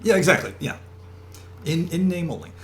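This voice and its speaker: Male panel host on a video call, very lively in pitch, halting delivery. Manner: hesitant, full of "uh". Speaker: podcast host. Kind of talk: casual panel chat.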